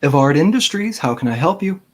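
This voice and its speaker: A man voicing a nervous corporate secretary who stammers and rushes on a phone call in a tabletop game. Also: fairly high pitch, expressive, pitched above the performer's own voice. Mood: polite. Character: flustered secretary at a corporate front desk.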